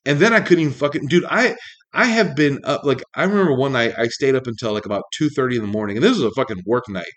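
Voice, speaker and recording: A man's voice: mid-range voice, lively intonation, quick pace, a bit bright. Profane, exasperated man ranting casually. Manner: profane, exasperated, rambling with many fillers. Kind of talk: casual rant monologue.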